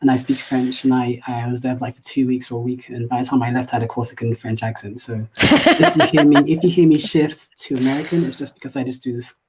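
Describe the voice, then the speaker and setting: A man from London with a British accent, a guest on a video call, talking quickly and searching for words with many fillers. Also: medium pitch, lively intonation, rough recording. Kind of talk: casual interview talk.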